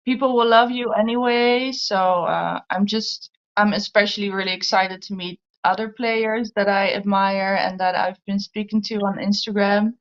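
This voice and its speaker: Excited Dutch-accented woman, lo-fi sound. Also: medium pitch, moderate pace, hardly any pauses. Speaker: guest musician. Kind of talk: interview answers.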